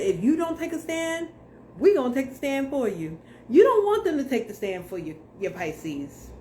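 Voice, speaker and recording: A young tarot reader talks straight to camera in a casual reading, blunt, slangy and profane. Her voice is a little high, with slight background noise.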